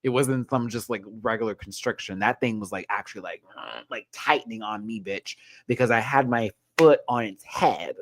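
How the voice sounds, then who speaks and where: Man, casual recap host, low voice, animated storytelling, dry close sound. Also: moderate pace, no room sound. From Texas. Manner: animated storytelling, jumps high when excited. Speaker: show host.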